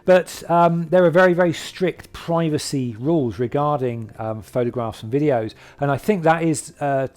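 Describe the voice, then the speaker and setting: A man's voice: fairly high pitch, normal speed, few pauses, darkish tone. A man talking casually to camera, rambling and hesitant, with lots of fillers and restarts. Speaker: vlogger describing his hobby.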